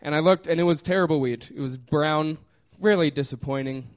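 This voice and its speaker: A man's voice: fairly high pitch, a little fast. A man casually telling a personal story, laughing often and trailing off with fillers.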